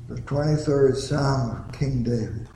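Slow-preaching pastor in an echoey church. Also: male voice, mid-range voice, mellow, a little hiss or hum. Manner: slow, deliberate preaching with drawn-out words. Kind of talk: sermon. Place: church sanctuary.

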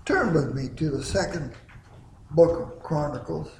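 A male preacher delivers his sermon at an unhurried, deliberate pace. His voice sits slightly high and swells to emphatic peaks between long pauses. The sound carries the ring of an echoey room. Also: vocal fry, darkish tone, a little hiss or hum. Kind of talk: sermon with sung hymn opening.

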